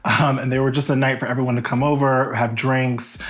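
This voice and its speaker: A man's voice: medium pitch, little pitch movement, fairly quick, a bit bright. A man, a talk show guest, speaking earnestly and openly in casual chat. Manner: earnest, open, laughs easily.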